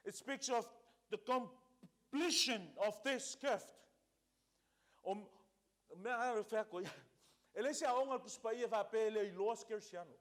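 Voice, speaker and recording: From the pulpit, a male pastor gives a sermon in a voice that runs high for a man. Emphatic repetition hammers each point home, and he moves between two languages as he goes.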